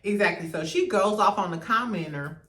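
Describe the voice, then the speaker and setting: A woman's voice: mid-range voice, a little fast, a bit bright, recorded from a distance. A woman hosting casual reality TV gossip commentary in a sassy, profane way, laughing often. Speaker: host. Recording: roomy echo, off-mic.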